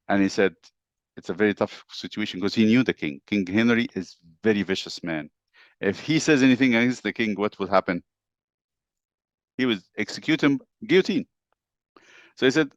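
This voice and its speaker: Low-voiced male teacher telling history. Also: moderate pace, dry recording, dull audio. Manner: animated storytelling, asks the class questions. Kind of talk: classroom history lesson.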